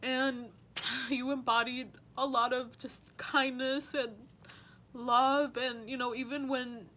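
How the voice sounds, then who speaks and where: A woman's voice: sits high, level tone, slow, pushed and bright. A young woman working as a teaching assistant gives a heartfelt farewell message to her students, rambling earnestly with many fillers.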